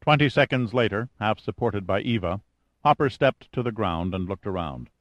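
A man narrating an audiobook with steady, even storytelling. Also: on the low side, normal speed, no room sound. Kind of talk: scripted narration.

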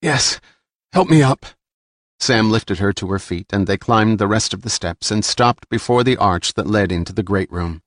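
A man reading an action novel aloud in steady, measured scripted narration. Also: on the low side, no echo, studio quality. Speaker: audiobook narrator.

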